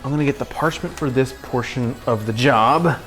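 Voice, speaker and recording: A man's voice: medium pitch, moderate pace, a bit bright, faint music behind. A man hosting a casual cooking livestream from his home kitchen, joking with chat and his pets as he cooks. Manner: goofy, jokey, talks to chat and pets while cooking.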